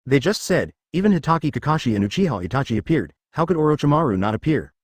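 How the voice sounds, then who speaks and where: A man narrates a fan story in a steady, stiff reading. His pitch moves about a lot, and the sound is dry and close. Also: quick pace, no room sound.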